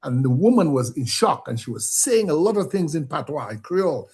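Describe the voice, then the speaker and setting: A man from Dominica in a conversational interview, telling family stories and growing animated when he quotes others. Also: a little high, brisk, breathy edge.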